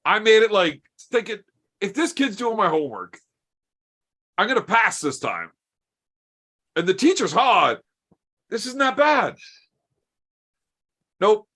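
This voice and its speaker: A man's voice: sits high, very animated, a little slow, pauses often, sharp tone. A man in his thirties telling a rowdy, profanity-laced story over beers, acting out the dialogue as he goes. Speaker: podcast host.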